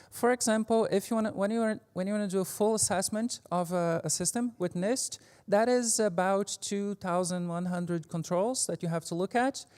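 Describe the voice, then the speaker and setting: A woman with a fairly low voice gives a relaxed technical talk from a conference stage. She is informal and wry, drops in the odd curse word and fills her pauses with "um" and "like." Her voice carries a long reverb tail from the large hall around her. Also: clear, resonant tone. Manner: informal and joking, with frequent fillers and mild swearing. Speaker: conference speaker. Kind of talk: casual technical presentation.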